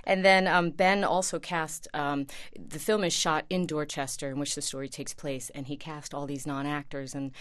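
A woman's voice: low-pitched, steady tone, moderate pace, hardly any pauses, a bit bright. A woman speaking as an actress guest in an interview, chatty and rambling, with many hesitations. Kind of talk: casual interview chat.

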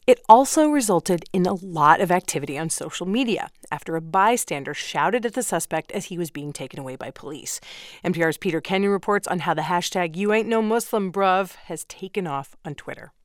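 Female news anchor, formal and crisp, lowish voice, dry studio sound. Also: lively intonation, fairly quick, no echo. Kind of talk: scripted news introduction. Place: radio studio.

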